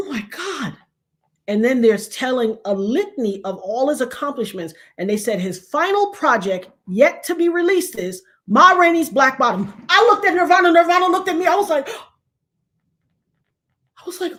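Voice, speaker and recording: Animated storytelling woman in her fifties. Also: a little high, moderate pace. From New York. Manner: animated, dramatic retelling with loud outbursts. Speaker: show host. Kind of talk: casual storytelling chat.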